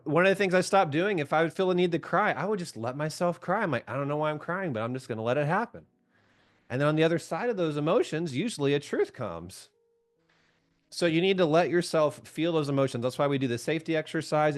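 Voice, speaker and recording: A man leading a group call as a coach, chatting casually, asking his listeners questions and laughing often. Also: medium pitch. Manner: chatty, asks the audience questions, laughs often, keeps saying "right?"; reads out and answers viewers' comments by name.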